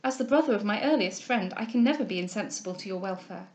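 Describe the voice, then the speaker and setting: A woman reading a novel aloud, voicing a composed young heiress who speaks in a measured, formal, kindly way. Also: mid-range voice, lively intonation, a little mellow, lightly acted. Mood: firm. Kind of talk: audiobook character reading.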